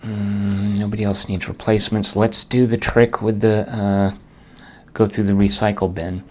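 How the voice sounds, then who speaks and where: A man's voice: lowish voice, little pitch movement, moderate pace, a little mellow, a little hiss or hum. A man playing a board game solo and thinking aloud as he works through each turn, muttering and groaning at bad rolls.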